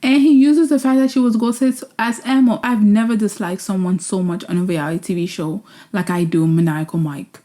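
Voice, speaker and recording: A woman with a mellow, darker tone gives a casual, sarcastic recap as a vlog host. She is lively and opinionated, and now and then her voice jumps up into high, exasperated exclamations. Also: fairly quick, few pauses. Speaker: vlog host reviewing a reality show. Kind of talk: casual reaction commentary.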